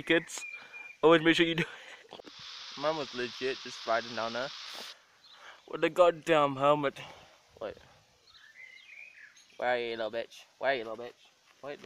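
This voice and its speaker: A young man vlogging casually, swearing freely and laughing often as he gives an excited running commentary outdoors. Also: mid-range voice, slight background noise. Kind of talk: casual profane vlog chatter. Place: outdoors behind a house.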